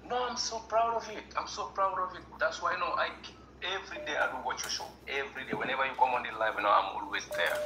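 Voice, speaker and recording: A Gambian man joins a livestream as a guest caller for a casual chat, talking fast in a medium-pitched voice. He speaks earnestly, repeats himself, and says "you know" a lot. The sound is roomy, with a noisy background.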